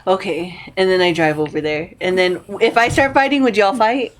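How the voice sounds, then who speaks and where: A woman's voice: medium pitch, normal speed, a little hiss or hum. A young woman hosting a casual podcast chat with friends. She laughs often and poses hypothetical questions. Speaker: podcast host.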